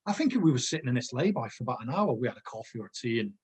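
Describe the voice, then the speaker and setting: A man's voice: mid-range voice, sing-song, very fast, a little mellow, husky. A man, a former footballer telling rambling anecdotes in a casual chat. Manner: rambling anecdotes, digresses, laughs often.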